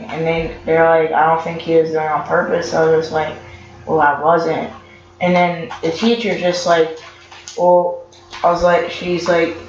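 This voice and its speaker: A teenage boy telling a school story in a casual vlog, rambling with lots of fillers, stuttering and restarting his sentences. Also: on the high side. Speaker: vlogger. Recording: echoey lo-fi room with noise.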